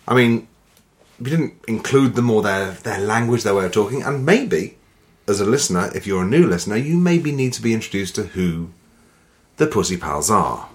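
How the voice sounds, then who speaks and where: Low, lively man riffing on a podcast. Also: moderate pace. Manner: dry, rambling, swearing, laughs mid-sentence. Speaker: podcast co-host. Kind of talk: casual comedy chat.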